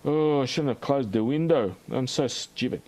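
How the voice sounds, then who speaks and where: An Australian man hosting a livestream in a rambling, halting chat full of fillers and restarts. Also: medium pitch, a little mellow. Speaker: livestream host.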